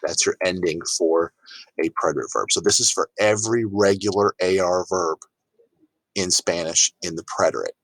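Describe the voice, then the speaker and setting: A man teaching a grammar lesson in a relaxed, chatty way, talking straight to his students with plenty of fillers. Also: sits low, moderate pace, no echo, poor audio. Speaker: Spanish teacher. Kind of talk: informal recorded grammar lesson.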